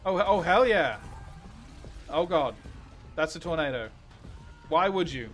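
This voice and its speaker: A man reacting excitedly on a live stream, exclaiming and reading viewer questions. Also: on the high side, measured pace, soft background music.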